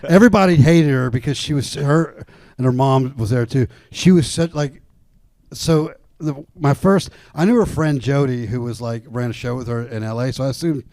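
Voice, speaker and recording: A man's voice: mid-range voice, normal speed, a little mellow. A man telling a long, profane, rambling story as a podcast guest, full of restarts and quoted voices. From Atlanta comedy scene. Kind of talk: casual storytelling.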